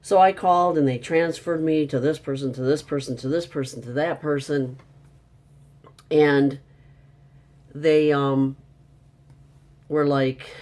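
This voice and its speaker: A man's voice: mid-range voice, darkish tone. A man telling a frustrating story in a casual, upset monologue, venting and exasperated. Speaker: vlogger.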